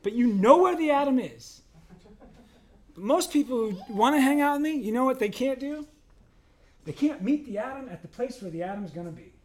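High-voiced pastor preaching casually. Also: male voice, lively intonation, moderate pace. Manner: conversational, humorous, acts out voices in quotes. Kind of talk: sermon. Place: church.

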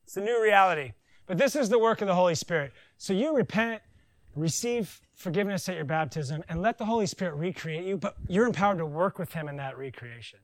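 A man preaching a conversational sermon, joking and animated, with silly voices in his asides. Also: sits high, brisk, no echo, poor audio. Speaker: pastor.

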